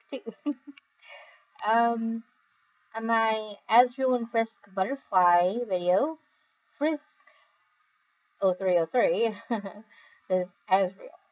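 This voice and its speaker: Tired, giggly young woman chatting slowly. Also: a little high, muffled recording. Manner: giggly, rambling, with many fillers. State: overly tired. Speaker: video creator reading comments. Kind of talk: casual chat.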